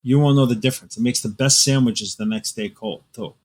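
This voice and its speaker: A man, a guest author, chatting casually in an interview, telling animated, vivid stories with playful exaggeration. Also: mid-range voice, brisk.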